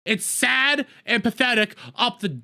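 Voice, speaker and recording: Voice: mid-range voice, expressive, unhurried, creaky, pushed and bright. A streamer giving casual reaction commentary in crude, profane, mocking rants.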